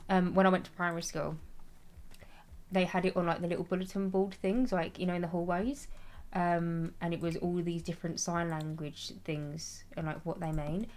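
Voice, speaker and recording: A young woman's lowish, darkish, steady voice moves at a normal speed as she streams and games. Chatty and rambling, she reads chat aloud, makes fun of herself, and laughs frequently.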